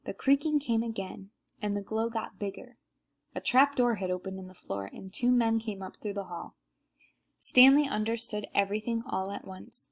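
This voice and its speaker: A woman's voice: mid-range voice, moderate pace, vocal fry. A woman reading a children's book aloud, narrating plainly and unhurriedly with small slips.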